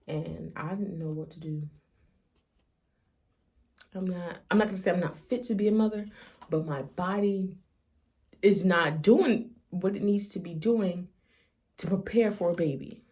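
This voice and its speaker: A woman's voice: on the low side, creaky, warm tone. A woman speaking emotionally to her vlog audience, near tears as she confides. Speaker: vlogger. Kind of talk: personal vlog confession.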